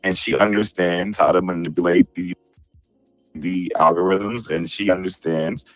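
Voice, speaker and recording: A man's voice: sits low, steady tone, moderate pace, no echo, soft background music. A man hosting a casual group chat on a video call, opinionated and repeating "bro" and "right" as he argues. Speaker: show host.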